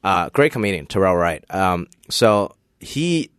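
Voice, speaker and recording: A male comedian guest with a mid-pitched voice that moves lively up and down. He talks easily and tells stories with quick laughs, recorded dry and close. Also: smooth, no echo. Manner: easygoing, storytelling, quick laughs. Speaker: comedian and actor, podcast guest. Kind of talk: comedic casual chat.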